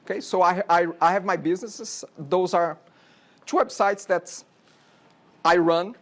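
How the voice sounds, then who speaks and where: A man's voice: sits high, unhurried. A man in his forties from Brazil with a Brazilian Portuguese accent, giving a chatty classroom lecture as a college instructor and often checking in with "okay?".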